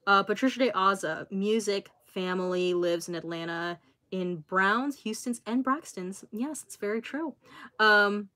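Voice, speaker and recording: A YouTuber in her twenties hosts a casual livestream, chatting freely and reading out viewers' comments. Her mid-range voice is unhurried, expressive, and full of filler words between thoughts.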